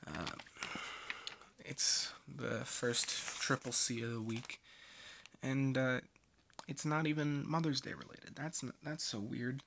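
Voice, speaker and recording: Gravelly man hosting a casual review. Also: mid-range voice, steady tone, slow, pauses often, noisy background. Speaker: host reviewing comic strips.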